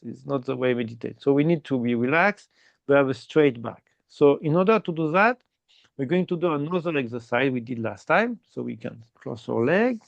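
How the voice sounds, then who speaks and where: A man teaching meditation in slow, simple English with small grammar slips, checking in often with "okay?". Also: medium pitch, gravelly, no room sound, dull audio. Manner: explains slowly and repeatedly, ending phrases with "okay?". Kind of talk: guided meditation instruction.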